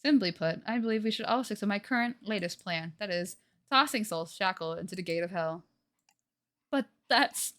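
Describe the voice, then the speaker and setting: Voicing game dialogue on a livestream, a woman plays a scheming ancient spirit that possesses a young woman, speaking formally and condescendingly with archaic phrasing. Her mid-range voice is expressive and close to her everyday one, at normal speed. Game music plays loudly behind her.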